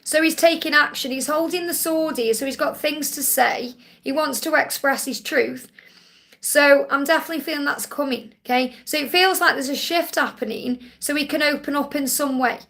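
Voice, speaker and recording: High, gravelly woman giving tarot readings. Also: moderate pace, a bit bright. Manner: reassuring, repeats "okay?" often. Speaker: tarot reader answering viewer questions. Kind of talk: live-stream Q&A card reading.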